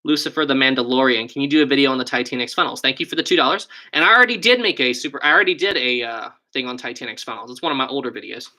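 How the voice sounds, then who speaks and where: Rapid-fire with few pauses, this young man's mid-range voice comes across bright and forceful, colored by a West Virginian accent. He hosts a relaxed live stream, chatting, answering viewer questions and thinking aloud into a desk USB microphone.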